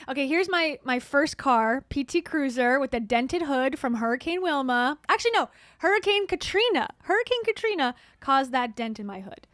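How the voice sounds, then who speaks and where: A woman's voice: sits high, animated, normal speed, fairly bright tone, no room sound. A woman hosting her own show, chatting casually and joking wryly about herself. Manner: wry, joking, laughs at herself. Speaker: host. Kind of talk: casual commentary chat.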